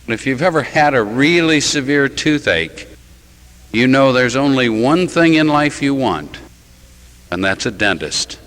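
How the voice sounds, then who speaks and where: A man's voice: medium pitch, animated, measured pace, a bit bright, rough recording. A man who is a Catholic priest, preaching a sermon in a church with rhetorical questions and wry, self-mocking asides.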